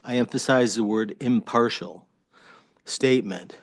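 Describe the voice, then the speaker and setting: A man's voice: medium pitch, dry recording. Attorney at a public hearing: a man, hesitant testimony with many restarts, dry and close-miked. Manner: hesitant, halting, frequent restarts. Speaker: attorney addressing a state board. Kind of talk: formal testimony at a public meeting. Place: government hearing room.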